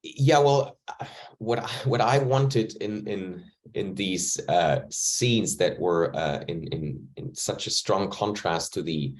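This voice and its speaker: Man, low voice, thoughtful. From Germany. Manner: thoughtful, searching for words, measured. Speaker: actor. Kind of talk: reflective interview answer. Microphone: video call.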